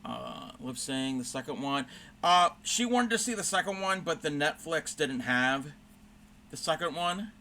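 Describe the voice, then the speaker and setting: A man's voice: on the high side, animated, a little slow, pushed and bright, a little hiss or hum. A man hosting a crafting livestream, telling a rambling story in casual chat with fillers and self-corrections while he stitches.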